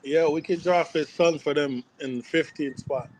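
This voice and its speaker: A man's voice: a little high, moderate pace, a little mellow, slight background noise. A man co-hosting a basketball watchalong, talking in a laid-back, slangy way. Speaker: co-host of a sports watchalong. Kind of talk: casual chat.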